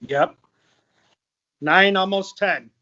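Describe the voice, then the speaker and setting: A man's voice: high-pitched, extremely slow, pushed and bright, muffled recording. A man hosting a casual interview, easygoing and plain-spoken. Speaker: host.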